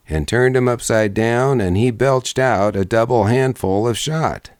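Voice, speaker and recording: A man's voice: fairly low pitch, a little slow, few pauses, darkish tone, no room sound, studio quality. A man narrating an audiobook in a rambling, folksy vernacular storytelling style.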